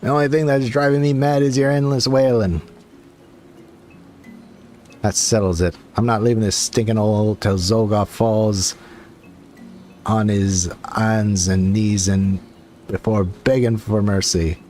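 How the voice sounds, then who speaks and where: A man voicing a brash, scornful woman warrior who taunts in a gruff, folksy way. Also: fairly low pitch, steady tone, measured pace, pauses often, dark tone, faint music behind, close to an everyday voice.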